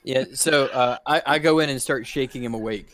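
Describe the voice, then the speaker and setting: A man's voice: medium pitch, a little fast, a bit bright, dry recording. A man playing a tabletop game, talking casually with some hesitation. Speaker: player.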